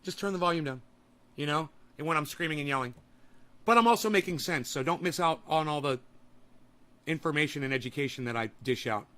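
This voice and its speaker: A man hosting a political podcast, ranting profanely and breaking into shouts. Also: on the high side, a little fast. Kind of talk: angry political rant.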